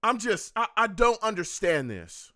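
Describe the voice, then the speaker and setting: A man's voice: high-pitched, big pitch swings, unhurried, sharp tone, no room sound, clean studio sound. A man hosting a live football game reaction stream, groaning and exasperated as he reacts and reads chat comments.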